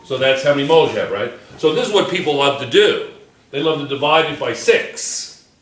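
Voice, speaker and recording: A man's voice: medium pitch, expressive, fairly quick. A male chemistry teacher lecturing a class, chatty and joking, checking in with his students all the time. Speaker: high school chemistry teacher. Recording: echoey classroom.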